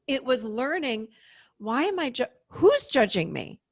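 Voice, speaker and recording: Woman, 50s, therapist guest, animated explainer, higher pitch, dry sound. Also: measured pace, dry recording. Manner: animated, explaining with acted-out inner voices. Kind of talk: interview conversation.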